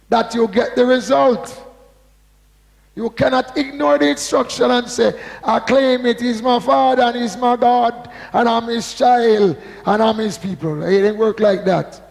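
Slow, high-voiced preacher man. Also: fairly even intonation, creaky, in a large hall. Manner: slow, emphatic preaching, asks the congregation to repeat words; reads scripture aloud with drawn-out stress. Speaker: pastor. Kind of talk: sermon with call-and-response.

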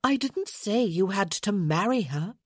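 A woman voicing an earnest, meddling young noblewoman in an audiobook, speaking in a coaxing, gently insistent way. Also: mid-range voice, lively intonation, unhurried, breathy edge, dry recording, studio quality, pitched above the performer's own voice.

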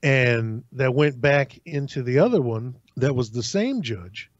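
A man casually telling a long personal story on a podcast, acting out other people's lines in an animated way. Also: mid-range voice, unhurried, no room sound. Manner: animated, acts out voices in anecdotes. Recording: dry, slightly dull sound.

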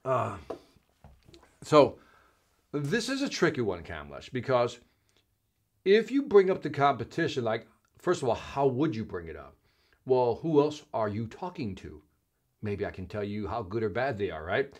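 A middle-aged man hosting a live sales show, chatting casually and reading viewer comments, animated, calling viewers man and brother. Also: medium pitch, a little slow, long pauses.

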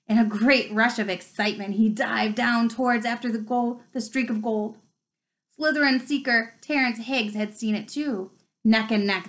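A woman's voice: medium pitch, a bit bright, poor audio. A woman reading a novel aloud, telling it expressively and rising with the action. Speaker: reader.

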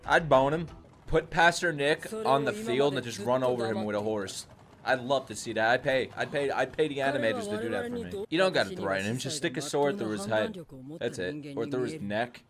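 A young man reacting to an anime episode, excitable and profane, yelling at the characters on screen. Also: mid-range voice, a little fast. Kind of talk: live anime reaction commentary. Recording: music from the show playing behind.

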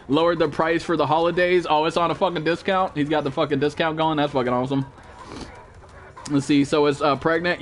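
A young man with a high, light voice hosts a live game stream, swearing freely, teasing friends and rattling off greetings to chat. A faint hiss sits under his voice. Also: fairly bright tone. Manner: profane, joking and rambling, greets chat viewers.

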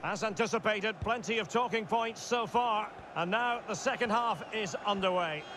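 A man's voice: high voice, noisy background, close to an everyday voice. A man voicing a polished TV football commentator in a video game, giving formal play-by-play. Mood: measured. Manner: measured, formal broadcast delivery.

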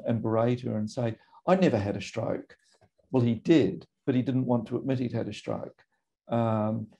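A middle-aged Australian man, a GP, speaking in a measured, thoughtful way with frequent pauses and ums. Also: mid-range voice, gravelly, dark tone. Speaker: GP and medical association guest. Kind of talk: recorded conversation.

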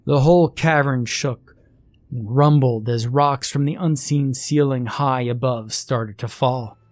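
A man narrating a first-person horror story in a wry, unhurried way. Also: medium pitch, a little mellow, no echo, studio quality.

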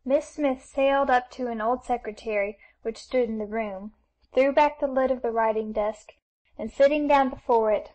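A woman reads an audiobook of a classic novel in steady, even storytelling. Her voice sits slightly high. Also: normal speed, rough recording. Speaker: audiobook narrator. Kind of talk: scripted narration of a classic novel.

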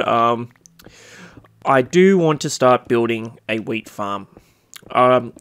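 A young man giving casual, rambling commentary over a game he is playing, full of fillers and excited outbursts. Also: smooth. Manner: rambling, excitable, bursts into squeaky cutesy voices. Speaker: Minecraft let's-play host.

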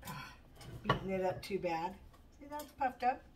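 A woman's voice: medium pitch, normal speed. A woman chatting casually while cooking at home in her kitchen, chatty and self-mocking, laughing often. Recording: distant mic with steady background noise.

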